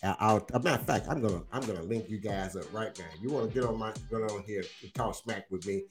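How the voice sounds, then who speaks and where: A man's voice: on the low side, fast talker, faint music behind. A man hosting a casual livestream, teasing and drawling as he talks football smack with viewers. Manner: animated, teasing, drawling, repeats himself. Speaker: livestream host.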